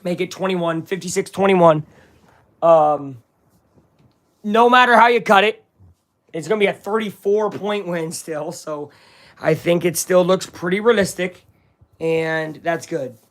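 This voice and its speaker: A man hosting a casual live watch-along of a football game, excitable and swinging between hype and grumbling. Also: sits high, unhurried, pauses often. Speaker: live-stream sports watch-along host.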